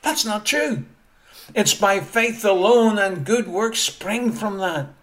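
A man preaching a sermon emphatically, repeating key phrases and swinging between loud rises and quiet drops. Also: high voice, expressive, slow.

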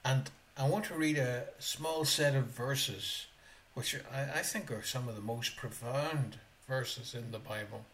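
A man preaching on his own podcast, reading verses aloud and driving each point home with sharp rises and drops. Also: medium pitch, a little hiss or hum. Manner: slow, emphatic, rises and drops sharply for emphasis. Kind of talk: podcast sermon.

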